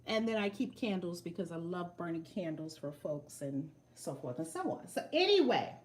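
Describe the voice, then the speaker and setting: A middle-aged woman telling a story on a casual livestream from a room at home, animated and emphatic, repeating her phrases. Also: lowish voice, normal speed, reverberant. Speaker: spiritual vlogger. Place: home room with altar and shelves. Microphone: phone camera.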